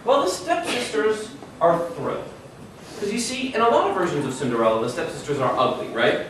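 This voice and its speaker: A man's voice: sits high, lively intonation, brisk. A man telling a fairy tale to a young audience, playful and full of asides that pull the listeners in. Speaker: children's author reading aloud. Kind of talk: animated storytelling to kids. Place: event room with young audience. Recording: echoey room, distant mic, noisy.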